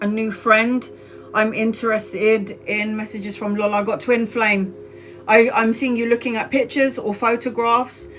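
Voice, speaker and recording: Excitable woman giving live tarot readings. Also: a little high, rough recording. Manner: excitable, exclaiming, laughing often; affectionate, calls viewers sweetheart. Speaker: tarot reader.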